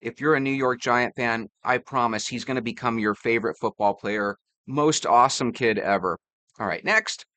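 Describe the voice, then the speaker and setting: A man's voice: medium pitch, normal speed, bright, forceful tone, no echo. A man with a mid-range voice, recorded dry and close, keeps up a joking, chatty commentary between clips. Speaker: reaction video host. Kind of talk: reaction commentary.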